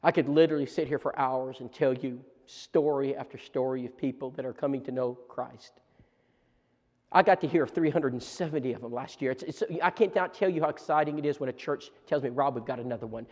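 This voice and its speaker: A man preacher telling lively stories at a church seminar, stumbling over restarts as he talks. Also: medium pitch, fast talker. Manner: animated storytelling with many restarts. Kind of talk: storytelling seminar talk. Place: church auditorium. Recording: long church hall reverb.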